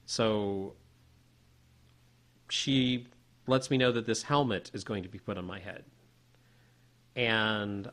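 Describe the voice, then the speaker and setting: A man co-hosting a podcast, telling a personal story in a casual, animated way with many restarts. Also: mid-range voice. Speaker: podcast co-host.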